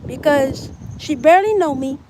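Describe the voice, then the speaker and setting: A woman's voice: sits high, moderate pace, a little mellow, slight background noise, low-quality recording. A young woman livestreaming outdoors, rambling casually and talking straight to her viewers. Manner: rambling, chatty, talks to viewers. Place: outdoors in bright sun.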